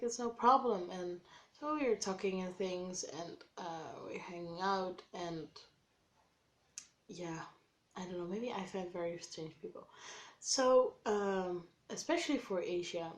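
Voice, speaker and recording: A woman vlogger casually telling a personal story to camera, acting out quoted dialogue and using lots of "like.". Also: mid-range voice. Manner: animated, acts out quoted dialogue with many "like"s.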